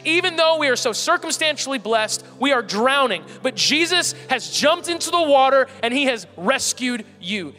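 High, bright-voiced male pastor preaching. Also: lively intonation, fairly quick, soft background music. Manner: earnest, building emphasis with repeated phrases. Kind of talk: sermon. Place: church sanctuary. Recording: long hall reverb.

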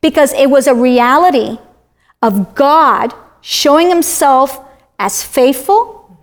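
A woman's voice: high voice, takes it slowly. A woman from Florida, a self-described talker, animatedly sharing a personal faith testimony in conversation.

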